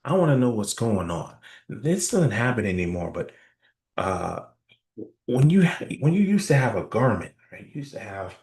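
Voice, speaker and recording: A man's voice: on the low side, very animated, moderate pace, a little mellow, reverberant. A man giving a sales training talk in a conversational style, often checking in with "right?". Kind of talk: workshop presentation.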